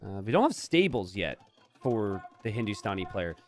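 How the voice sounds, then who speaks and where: A man casting a strategy game, chatty and jokey, bursting into excited shouts and laughter. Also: fairly low pitch, normal speed. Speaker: game caster. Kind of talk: live strategy game commentary.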